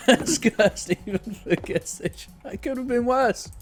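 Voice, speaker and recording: A man's voice: extremely high pitch, slow, faint music behind. A man hosting a live game stream, joking and exclaiming as he reacts to chat. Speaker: streamer host.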